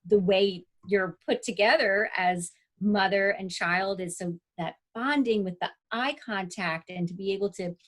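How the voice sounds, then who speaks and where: Woman in her 40s, guest on a podcast, lively storyteller acting out what she thought. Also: mid-range voice, measured pace, hardly any pauses. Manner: animated storyteller, acts out her own thoughts. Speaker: guest, educator and author. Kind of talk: casual interview storytelling.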